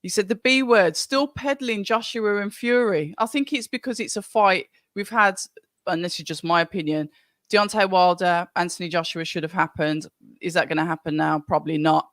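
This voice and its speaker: A man's voice: high-pitched, normal speed, a bit bright, no echo. Upbeat man hosting, dry sound. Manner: upbeat, jokey, reads chat comments. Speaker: live show host. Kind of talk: casual live chat.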